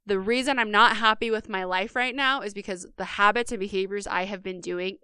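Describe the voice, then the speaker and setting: A woman's voice: medium pitch, steady tone, brisk, sharp tone, smooth, no room sound, studio quality. Earnest motivational woman podcaster. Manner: earnest, motivational, speaks straight to listeners. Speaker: podcast co-host. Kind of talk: casual podcast monologue.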